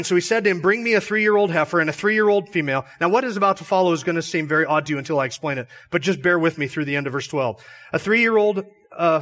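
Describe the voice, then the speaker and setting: A man with a fairly high voice preaches from the pulpit. He works through the passage verse by verse, stopping to ask questions and then answering them himself. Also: fairly bright tone. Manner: explains step by step with rhetorical questions. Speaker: pastor. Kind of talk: expository sermon. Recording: church sermon audio.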